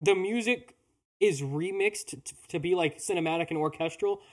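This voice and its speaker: A man's voice: high voice, normal speed. A man co-hosting a podcast in casual chat, rambling with lots of filler words. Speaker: podcast co-host.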